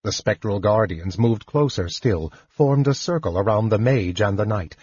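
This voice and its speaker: A man narrating an audiobook in a slow, expressive reading. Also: lowish voice, slightly rough, dry recording, highs cut off. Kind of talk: scripted narration.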